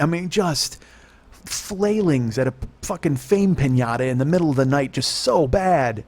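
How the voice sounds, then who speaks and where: A middle-aged man hosts a comedy podcast and rants loudly, swearing constantly and cracking himself up along the way. His voice sits a touch high for a man. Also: normal speed, no room sound. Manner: loud, heavily profane, laughs through his own jokes. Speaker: podcast host. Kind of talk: profane comedic rant.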